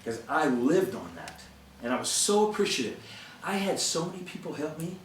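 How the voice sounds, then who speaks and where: A man's voice: a little high, big pitch swings, normal speed, distant mic, a little hiss or hum. Earnest man speaking in an echoey room. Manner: earnest, conversational, laughs often. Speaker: motivational speaker. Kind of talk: live talk to an audience.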